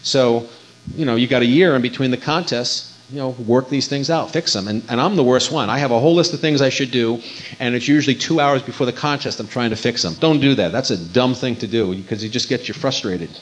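A man's voice: medium pitch, fairly quick. A man giving an informal instructional talk, conversational and folksy, often repeating his words as he goes. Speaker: amateur radio contester giving a talk. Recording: dull lo-fi recording.

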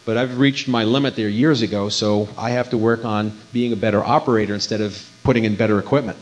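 A man's voice: fairly low pitch, fairly even intonation, quick pace. Man giving a folksy talk, lo-fi. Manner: conversational, repeats words, folksy asides. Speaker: amateur radio contester giving a talk. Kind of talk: informal instructional talk. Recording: dull lo-fi recording.

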